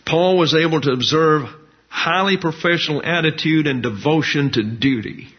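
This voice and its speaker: A man, preaching a sermon in a measured, folksy teaching manner with colloquial asides. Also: on the high side. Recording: dull lo-fi recording.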